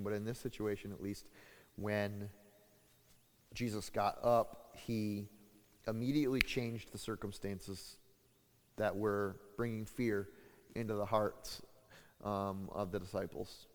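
A man preaching a sermon as pastor, halting and full of fillers and restarts, getting louder and higher when he acts out what people say. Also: fairly even intonation. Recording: long hall reverb.

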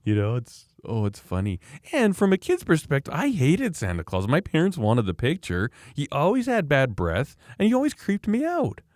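His voice is a little high and moderately paced, with hardly any pauses, recorded dry in a clean studio. This middle-aged podcast co-host is an animated storyteller who laughs a lot during casual chat.

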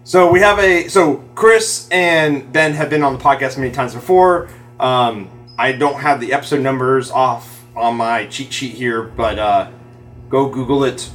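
A man hosting a casual engineering podcast, easygoing and rambling, speaking into a boom mic in a studio room. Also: moderate pace, fairly bright tone, soft background music. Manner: easygoing, rambling, laughs often. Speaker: podcast host.

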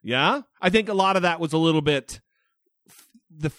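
Animated, profane man on a podcast. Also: on the high side, moderate pace, no echo, clean studio sound. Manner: profane and emphatic, heated. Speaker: podcast guest. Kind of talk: casual chat.

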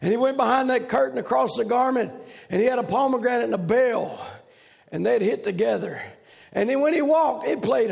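This revival sermon comes from a man whose voice is unusually high and very gravelly, moving at a fairly quick clip. He surges into loud, shouted runs with a relentless preaching beat.

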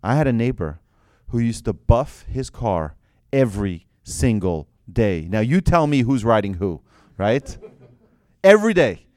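Animated man teaching a religious lesson. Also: mid-range voice, unhurried, no echo, studio quality. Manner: animated, asks rhetorical questions, tells anecdotes.

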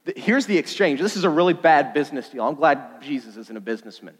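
High, lively man preaching in a reverberant hall. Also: quick pace, husky. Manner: animated, jokey, with sudden loud bursts. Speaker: youth pastor. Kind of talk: sermon. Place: church hall.

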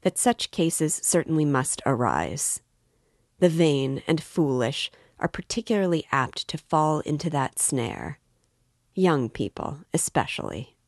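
A woman reading aloud, voicing a calm, brooding young man who answers in a measured way. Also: low-pitched, no room sound, studio quality, exaggerated voice.

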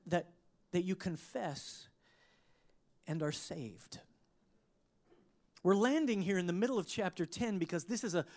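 This is a sermon in which the preacher, speaking with a mid-range voice, relates a personal anecdote with plenty of expression. He chuckles along the way and keeps restarting his sentences.

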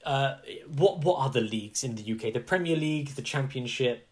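A man in animated, casual podcast chat. His pitch sits in the middle range. He talks in long runs with lots of asides. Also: brisk. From England. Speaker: podcast co-host.

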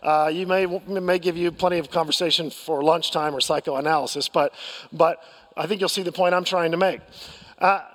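An American man preaching from the pulpit, with a fairly high voice and a long reverb trailing his words through the hall. He tells a personal story candidly and pokes fun at himself, stumbling into restarts as he goes. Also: steady tone, moderate pace, fairly bright tone. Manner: candid storytelling with self-deprecating humor and frequent restarts. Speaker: pastor. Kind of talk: sermon.

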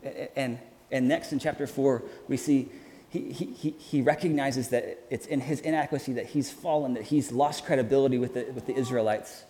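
A man preaching a sermon in an earnest, halting way, often restarting his sentences. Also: mid-range voice, steady tone, warm tone. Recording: hall reverb with faint ambience.

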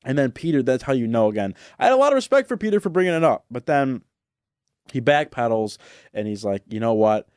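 An opinionated man co-hosting a podcast, chatting casually and laughing as he weighs in. His voice is smooth and clear. It is recorded dry and close. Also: mid-range voice, big pitch swings, darkish tone, no echo. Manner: opinionated, laughs often, drawn-out asides. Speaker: podcast co-host. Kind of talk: casual chat giving opinions.

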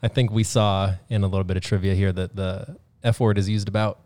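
A man's voice: on the low side, fairly even intonation, brisk, darkish tone, no echo. A young man co-hosting a casual movie podcast, cracking jokes and laughing often. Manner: joking, quips, laughs often. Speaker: podcast co-host.

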